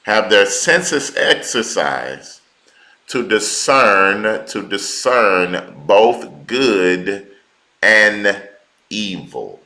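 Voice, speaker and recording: Slow, deliberate male preacher in an echoey room. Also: fairly low pitch, very animated, sharp tone. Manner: slow, deliberate, repeats key words for emphasis; informal colloquial speech. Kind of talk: sermon teaching.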